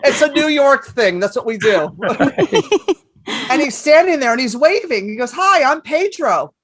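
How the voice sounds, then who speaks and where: A woman in her fifties, a comedian guest on a podcast, telling stories in a lively way and swearing freely. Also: high voice, unhurried, no echo. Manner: animated storyteller, swears freely. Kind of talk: casual podcast chat.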